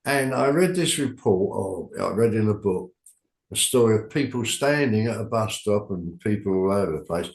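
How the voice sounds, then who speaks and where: An older man talks in a rambling, chatty way, drifting into asides as he goes. His voice sits low, and it carries the ring of an echoey room. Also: expressive, moderate pace. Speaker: club organizer, guest. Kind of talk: casual chat.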